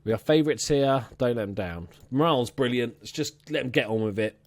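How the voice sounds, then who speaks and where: A young let's-play host casually commentates his own football management game, sounding chatty and excitable with the occasional swear word. His mid-range voice moves at a brisk clip, and there's no room sound in the recording.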